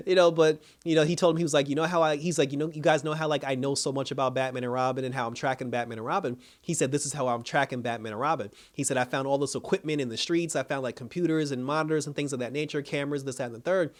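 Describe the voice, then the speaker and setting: A man giving a casual, animated recap of a TV episode, acting out the characters' lines and laughing as he goes. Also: on the high side, fast. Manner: animated storytelling, acts out characters' lines, laughs while talking. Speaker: TV episode reviewer.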